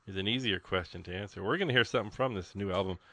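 A radio host with a fairly low, sharp-toned voice talks rapid-fire in a rambling, folksy, casual way, full of ums and uhs. He's on a studio microphone, and there's no room sound.

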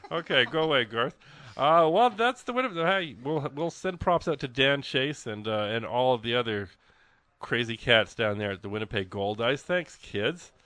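Excitable man hosting a radio fundraiser. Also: medium pitch, normal speed, no echo. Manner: excitable, rambling, jokey. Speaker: radio host. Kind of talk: live radio fundraiser chat. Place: radio studio. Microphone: studio microphone.

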